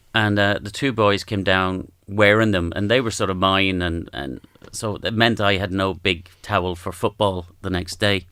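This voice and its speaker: An Irish man speaks as a podcast guest, his voice low and noticeably gravelly. He tells stories gently and haltingly, often restarting his sentences. The sound is close and dry. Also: dry recording. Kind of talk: reflective storytelling.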